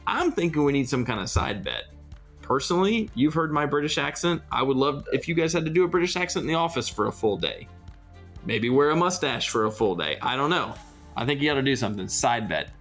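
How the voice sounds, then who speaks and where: A man co-hosting a podcast, chatting casually with teasing, deadpan asides. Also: medium pitch, brisk, faint music behind. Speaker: podcast co-host. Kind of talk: casual comedic banter.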